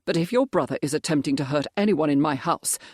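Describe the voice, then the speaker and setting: A narrator voicing a grim, pressing gentleman. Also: medium pitch, quick pace, dry recording, studio quality, lightly acted. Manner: firm, pressing questions. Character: grim, determined male baronet and major.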